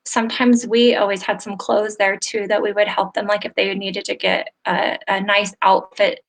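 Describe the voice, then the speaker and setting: This woman's voice is gravelly and mid-range, delivered flatly at normal speed. Hosting a live interview online over a video call, she shares stories in an earnest, heartfelt manner that turns emotional.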